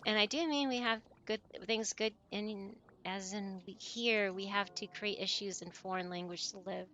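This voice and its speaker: A woman's voice: mid-range voice, fairly even intonation, sharp tone, a little hiss or hum. A woman streamer in casual voice chat with friends, chatty and apologetic, with a chirpy voice. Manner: chatty, apologetic, quick laughs.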